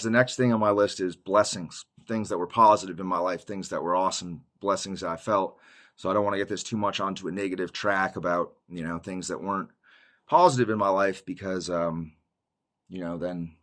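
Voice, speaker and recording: This YouTuber's voice is fairly low and a bit bright as he recounts his Christian testimony to viewers. The monologue is casual and wandering, full of slang, frequent "dude"s, and laughs that cut into his sentences.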